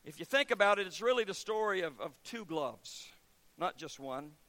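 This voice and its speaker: A man preaching a sermon as pastor, telling stories and acting out the voices of people in them, swinging from quiet to loud. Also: sits high, animated, moderate pace.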